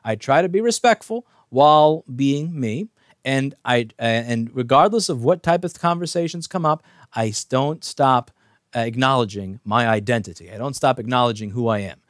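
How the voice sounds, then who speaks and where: A man's voice: mid-range voice, animated, moderate pace, no room sound, clean studio sound. A man hosting his own channel, telling an anecdote in a casual monologue with wry, rambling restarts. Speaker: channel host.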